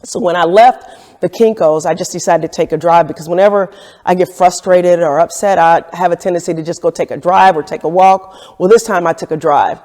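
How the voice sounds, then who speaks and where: A woman's voice: fairly low pitch, steady tone, fairly quick, a little mellow. Reflective woman telling her story. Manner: candid, reflective storytelling with acted-out quotes. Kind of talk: documentary storytelling interview. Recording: echoey room with long reverb.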